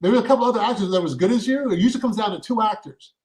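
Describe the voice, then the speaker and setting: A man's voice: sits high, very fast, darkish tone, low-quality recording. A man, an actor and podcast co-host, explaining acting craft in casual chat, often restarting his sentences. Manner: explains at length with many restarts.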